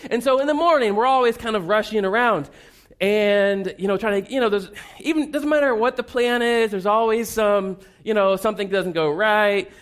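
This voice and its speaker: Male pastor with a high speaking voice; conversational sermon built on humorous family stories. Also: moderate pace, fairly bright tone. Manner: conversational, humorous, self-deprecating storytelling.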